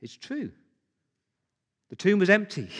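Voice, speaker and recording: Emphatic preacher in a reverberant hall. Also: male voice, high voice, big pitch swings, a little slow, fairly bright tone. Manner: emphatic preaching with rhetorical questions. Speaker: pastor. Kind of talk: sermon.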